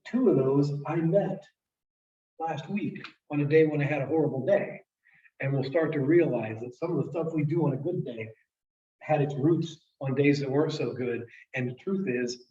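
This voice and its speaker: In a storytelling presentation, a sales trainer in his late fifties earnestly tells a class an emotional story. His voice is medium-pitched and a little mellow, and the room sounds echoey, distant, and dull.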